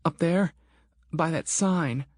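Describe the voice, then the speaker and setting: A man's voice: on the high side, takes it slowly, no room sound, studio quality, pitched above the performer's own voice. A man voicing a distraught young woman survivor, screaming and wailing as she describes a loss. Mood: frantic.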